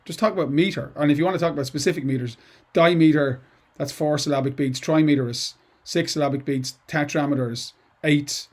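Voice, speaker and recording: A middle-aged man with a darkish voice on the high side speaks a little fast, pausing rarely. He is an English teacher giving students a chatty, digressive poetry lesson full of asides and restarts.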